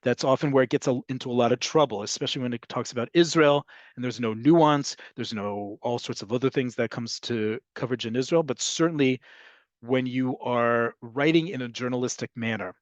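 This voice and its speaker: A man teaching an online language class, explaining vocabulary and answering questions, sometimes repeating words slowly. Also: mid-range voice, dry recording, highs cut off. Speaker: Hebrew teacher.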